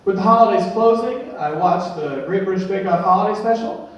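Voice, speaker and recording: A young man performing a stand-up comedy set with a dry, deadpan delivery that builds to punchlines. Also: high voice, a little fast, muffled recording. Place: comedy venue stage. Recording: echoey room, distant mic, faint noise.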